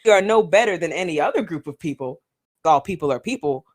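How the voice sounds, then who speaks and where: A woman's voice: lowish voice, animated, quick pace, darkish tone. A woman co-hosting a podcast, chatting casually and frankly with easy laughs. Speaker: podcast co-host.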